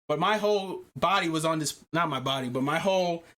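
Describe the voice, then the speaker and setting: Speaking a little fast in a higher register, this male podcast host rambles through a lengthy personal story. He's animated and casual, swears a lot and keeps circling back to repeat himself.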